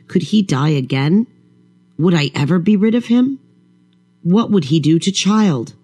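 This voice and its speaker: A man reading a first-person horror story in a slow, measured, brooding way. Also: on the high side, warm tone. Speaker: audiobook narrator.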